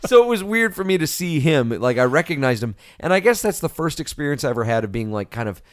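A man co-hosts a movie podcast, his voice pitched fairly high and delivered fast with lots of animation. He chats enthusiastically and casually, rambling and restarting his sentences.

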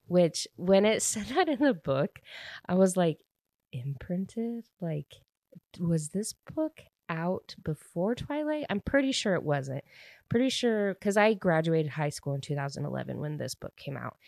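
Low-voiced, chatty young woman. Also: creaky, darkish tone, no echo. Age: young adult. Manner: chatty, filler-heavy, rambling. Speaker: book reviewer. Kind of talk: casual chat.

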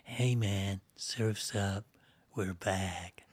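A man putting on a laid-back male California surfer dude with a slow drawl. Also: mid-range voice, steady tone, gravelly, a bit bright, full character voice.

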